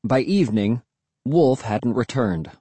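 A man narrating a first-person storybook in an expressive, tense storytelling manner. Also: medium pitch, unhurried, slightly rough, no echo. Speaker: audiobook narrator.

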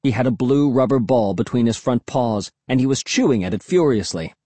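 A man narrating a first-person storybook in an expressive, tense storytelling manner. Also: medium pitch, brisk, slightly rough, no echo. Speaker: audiobook narrator.

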